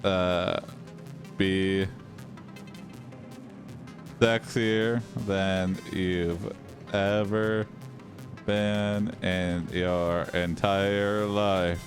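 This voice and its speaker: Slow-talking man dictating a comedy story. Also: sits low, flat delivery, soft background music. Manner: slow, drawn-out dictation with fillers. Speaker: host. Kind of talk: improvised comedy story narration.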